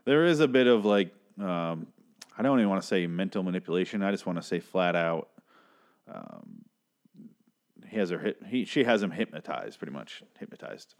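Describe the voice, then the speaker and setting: A man's voice: low voice, very animated, normal speed, gravelly. A man casually recapping a TV episode, swearing often and sounding exasperated as he rambles through the plot. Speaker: TV recap host.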